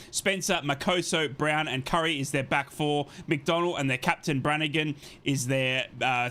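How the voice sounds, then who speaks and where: A man with a bright, sharp and slightly high voice hosts a live football watchalong stream. He reads the team lineups and greets chat viewers one by one. His delivery stays upbeat and chatty.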